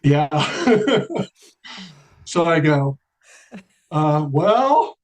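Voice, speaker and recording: A man's voice: a little high, big pitch swings, extremely slow, poor audio. A man telling a long personal story in a casual interview, acting out the dialogue and laughing often. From Charleston area, American South. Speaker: guest.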